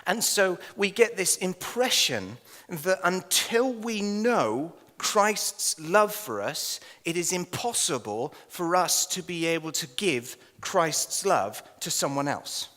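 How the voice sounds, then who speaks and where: An English man preaching a sermon as minister, animated and jokey, telling stories with laughs and acted asides. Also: sits high, in a large hall. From England. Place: church hall.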